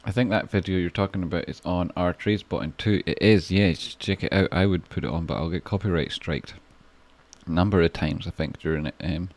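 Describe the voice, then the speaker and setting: A Scottish man with a deep, low voice talks loosely through a livestream, reading out chat and heaping on thanks. He swears freely and rambles in a relaxed way. The sound is close and dry, with no room around it. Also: a little fast, no room sound. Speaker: stock trading livestreamer. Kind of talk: casual livestream chat, reading viewer messages.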